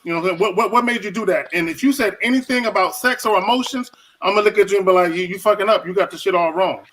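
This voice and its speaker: A man's voice: high-pitched, quick pace, a bit bright, a little hiss or hum, poor audio. A man on an online panel, blunt and profane, stressing his points hard. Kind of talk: casual panel chat.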